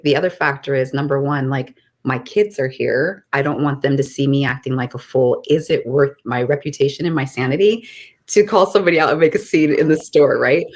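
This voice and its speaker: A middle-aged woman co-hosting a podcast, telling a story in a casual, animated way and often laughing. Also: low-pitched, normal speed. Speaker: podcast co-host.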